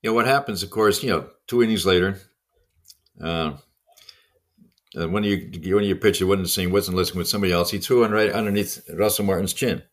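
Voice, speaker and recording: Older male co-host, low voice, rattles off coaching stories fast with a laugh. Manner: fast, lively anecdotes with chuckles. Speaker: podcast co-host and former baseball coach. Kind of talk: casual storytelling conversation.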